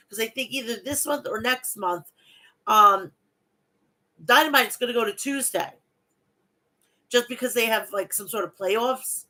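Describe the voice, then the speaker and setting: A woman's voice: on the high side, sharp tone, poor audio. A woman in her thirties hosting a casual wrestling podcast, blunt and swearing freely. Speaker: podcast host.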